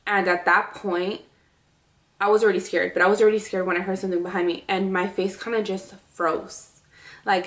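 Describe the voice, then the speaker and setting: A woman's voice: medium pitch, echoey room. A woman vlogger telling a story in a casual, rambling way, full of fillers.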